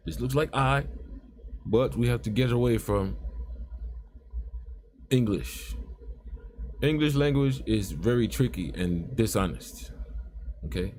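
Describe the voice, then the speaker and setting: A man walks through a casual lesson at an unhurried, deliberate pace. His voice is mellow and relaxed, and he keeps pausing to ask "okay?" as he explains each step. A faint hiss of noise sits under the recording. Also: lowish voice. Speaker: teacher of a writing system. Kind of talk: casual screen-share lesson.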